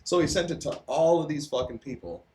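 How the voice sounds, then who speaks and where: A man's voice: a little high, fairly quick, darkish tone, a little hiss or hum. A young man co-hosting a live stream, chatting loosely and swearing, with lots of laughter. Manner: loose, profane, laughing storyteller. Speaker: stream co-host. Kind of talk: casual stream chat.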